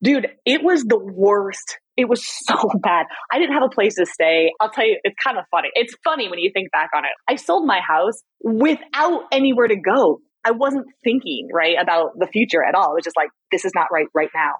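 A middle-aged woman, a podcast guest, telling personal stories in a candid, animated way, laughing often. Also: mid-range voice, normal speed, hardly any pauses, breathy edge, no room sound, low-quality recording. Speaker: podcast guest, stress expert. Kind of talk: candid conversational storytelling.

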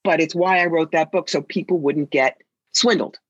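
A husky, breathy-voiced woman talking as a guest psychic, sassy and theatrical as she tells her stories. The sound is dry and a bit muffled, like a lo-fi recording. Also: sits low, moderate pace, no room sound. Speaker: psychic and author. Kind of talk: interview conversation.

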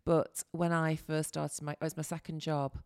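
A woman's voice: sits low, little pitch movement, moderate pace, darkish tone, smooth. A woman with a Mancunian accent hosting an interview, chatty and encouraging. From Salford, England. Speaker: podcast host. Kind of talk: casual interview chat.

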